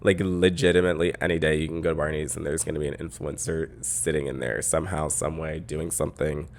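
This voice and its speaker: A man with a deep voice tells a story on his podcast, chatty and peppered with "like." He sits close to the microphone and talks casually. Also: little pitch movement, fast. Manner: chatty, lots of "like" fillers. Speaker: podcast host.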